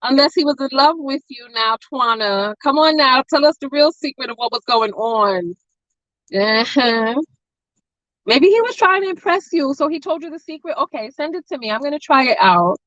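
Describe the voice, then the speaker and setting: A woman's voice: high voice, lively intonation, normal speed, fairly bright tone, no echo, lo-fi sound. A woman hosting a mukbang livestream, chatting casually with viewers and telling stories between bites. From family from Nevis. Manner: chatty, storytelling, playful asides to chat. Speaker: mukbang host. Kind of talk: casual chat with live viewers.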